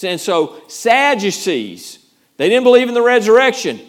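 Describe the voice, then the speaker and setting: A man's voice: very high voice, lively intonation, fast talker. A male pastor preaching a sermon in an earnest, emphatic way, often repeating words as he goes.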